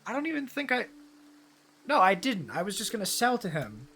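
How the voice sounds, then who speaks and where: A man's voice: high voice, wildly swooping pitch, brisk, gravelly, pushed and bright, breathy edge. Profane, rambling male streamer. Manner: profane, rambling, easily delighted. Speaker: game streamer. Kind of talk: casual live-stream commentary.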